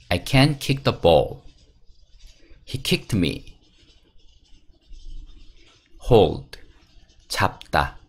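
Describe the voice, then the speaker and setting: A man teaching English vocabulary, reading each word, its meaning and example sentences in a steady drill. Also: fairly low pitch.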